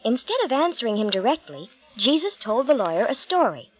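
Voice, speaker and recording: A woman narrating a Bible story with clear, measured storytelling. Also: on the high side, sing-song, soft background music, rough recording.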